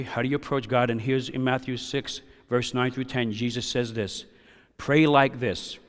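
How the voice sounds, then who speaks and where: A male pastor preaching a sermon, dropping to hushed tones and then rising to loud, impassioned emphasis. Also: mid-range voice. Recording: hall reverb.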